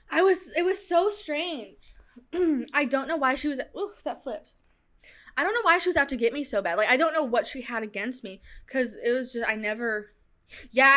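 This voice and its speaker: Young woman, podcast host, casual storytelling, chatty, slightly high voice. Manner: chatty, animated retelling with fillers like "like" and "dude".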